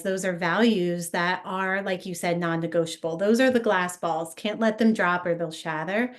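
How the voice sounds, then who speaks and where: A woman's voice: medium pitch, normal speed, few pauses. Woman therapist explaining on a call. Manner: explanatory, uses metaphors. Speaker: therapist panelist. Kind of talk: webinar discussion.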